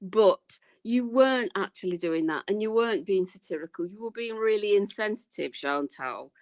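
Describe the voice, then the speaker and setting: A woman's voice: medium pitch, animated, normal speed, a little mellow. A woman chatting on a panel, blunt and indignant in tone. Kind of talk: casual panel chat.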